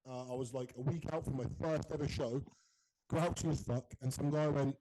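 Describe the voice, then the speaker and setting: Fast-talking swearing man. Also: mid-range voice, poor audio. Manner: swears freely, animated storytelling. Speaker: podcast host. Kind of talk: casual chat.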